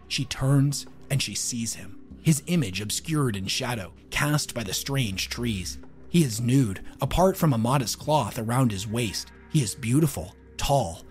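Male dark-fiction narrator, measured and dramatic, mid-pitched, faint music under.

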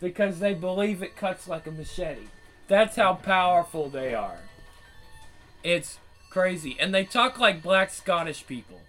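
High bright-voiced man ranting casually. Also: animated, measured pace, faint music behind, low-quality recording. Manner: rambling, profane, frequent restarts. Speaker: channel host. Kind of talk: casual commentary.

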